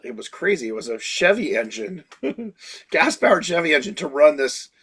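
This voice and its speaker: Husky older man telling stories. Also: on the high side, normal speed. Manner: animated anecdotes, slips into impressions of people. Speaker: creature designer and puppeteer. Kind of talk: casual interview storytelling.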